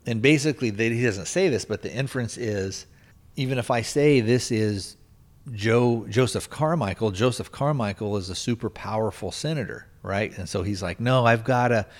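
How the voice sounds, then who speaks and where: Podcast host, male, lowish voice, loose rambling plot recap full of restarts. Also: moderate pace. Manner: rambling, lots of restarts and "you know". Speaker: podcast host reviewing a film. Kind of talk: casual plot retelling.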